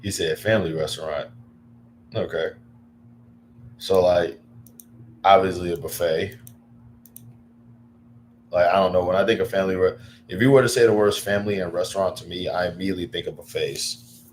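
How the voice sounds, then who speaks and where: A man chatting casually on a livestream, rambling with lots of fillers and breaking into excited bursts. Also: low-pitched, normal speed, pauses often, slight background noise.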